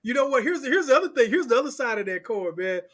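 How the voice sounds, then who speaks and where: Male interview guest: high, bright, slangy, animated storyteller. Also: rapid-fire. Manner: animated, slangy, acts out quoted voices. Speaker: crypto strategist guest. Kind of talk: casual interview chat.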